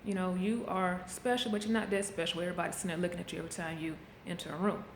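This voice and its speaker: A woman's voice: lowish voice, level tone, racing, slight background noise. A middle-aged woman talking candidly into a handheld camera, coaching viewers in a casual motivational vlog. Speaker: vlogger. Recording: echoey room, faint background ambience.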